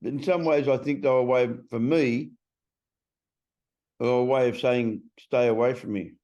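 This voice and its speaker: A man's voice: mid-range voice, fairly even intonation, normal speed, mellow, muffled recording. A middle-aged man in a casual interview. He is a transformation coach who talks bluntly and swears freely.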